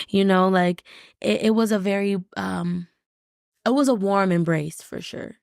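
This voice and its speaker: Gravelly-voiced woman opening up. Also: mid-range voice, steady tone, a little slow, darkish tone, no echo, studio quality. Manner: reflective, open, speaks in short restarting phrases. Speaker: podcast guest. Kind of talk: candid conversational interview.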